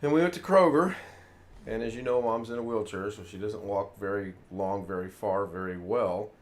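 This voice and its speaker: A man's voice: fairly low pitch, normal speed. A man from the United States hosting a casual live chat, telling a long rambling anecdote and acting out what people said. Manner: rambling anecdotes with acted-out quotes. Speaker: show host.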